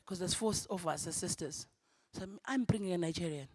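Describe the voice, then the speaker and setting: A young South African woman, a native Zulu speaker, doing a stand-up comedy set. She laughs often and swings between loud punchlines and hushed asides. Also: on the low side, fast talker, slight background noise. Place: convention ballroom.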